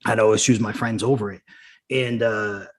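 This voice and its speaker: A man's voice: on the low side, fairly even intonation, normal speed. A man, a former punk musician turned showrunner, telling rambling stories in casual podcast conversation, full of "like" and restarts.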